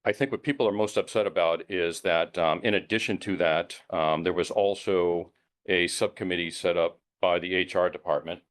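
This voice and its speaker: A man explaining background at a town board meeting, hesitant, with many ums, measured and plain. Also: low-pitched, fairly even intonation. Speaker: elder affairs board member.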